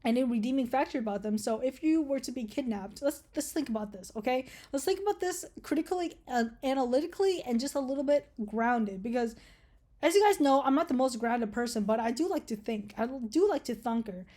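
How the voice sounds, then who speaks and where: A woman's voice: high voice, animated, a little fast, mellow. A woman vlogger speaking in a casual, rambling rant, full of swearing and jokes. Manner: rambling, profane, jokey.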